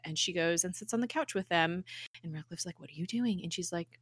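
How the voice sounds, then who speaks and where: A woman's voice: fairly low pitch, fairly quick, husky, dry recording. A woman co-hosting a casual podcast, recapping a TV episode with lots of laughs and emotion. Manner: animated, laughing, tearful recapping. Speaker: podcast co-host.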